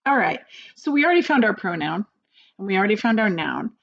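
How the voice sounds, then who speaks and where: A woman's voice: medium pitch, sing-song, fast talker, gravelly, fairly bright tone, muffled recording. A woman teacher giving a recorded grammar lesson, speaking patiently and encouragingly to young students.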